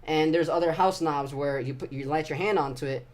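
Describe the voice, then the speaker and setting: Brief: young man, slightly high voice, confessional vlog, emotional and halting, swears a lot. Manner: halting, emotional, profane, many restarts. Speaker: vlogger. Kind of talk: personal confessional storytelling.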